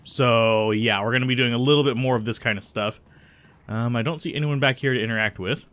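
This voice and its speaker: A man's voice: medium pitch, brisk, a bit bright. A man hosting a let's play, musing casually over a role-playing game and reading its text aloud, with frequent ums. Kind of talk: casual gameplay commentary.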